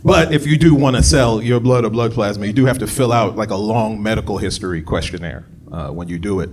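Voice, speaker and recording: A man performing a stand-up comedy set, talking conversationally and jumping into loud shouted bits when he acts out voices. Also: on the low side, brisk.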